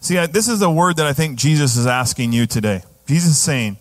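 A man's voice: a little high, brisk, few pauses. A male pastor preaching a sermon in a conversational way, often asking the congregation questions.

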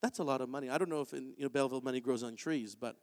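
A man preaching a sermon in a church, in an animated, conversational way. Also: medium pitch, rapid-fire. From Canada. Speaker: pastor. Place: church sanctuary. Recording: long hall reverb.

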